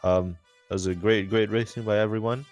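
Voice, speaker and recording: Here the race commentator, a young man, speaks a little fast in a lowish, steady, somewhat dark voice, chatting with a driver after the race. He meanders and cracks jokes, restarting often and leaning on fillers. Soft music plays behind him.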